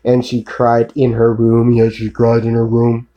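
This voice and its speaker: A man's voice: mid-range voice, completely flat delivery, a little slow, muffled recording. Man, rambling solo rant, profane, repetitive, accusatory. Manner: profane ranting, constant filler tags; repetitive, accusatory, addressing an unseen woman.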